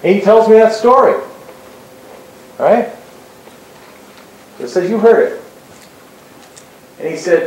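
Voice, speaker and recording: A man's voice: high voice, lively intonation, measured pace, long pauses, darkish tone. A man telling a story to an audience about his employee, in a loose conversational way with asides like "right?". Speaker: employer and co-presenter. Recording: very echoey hall, faint noise.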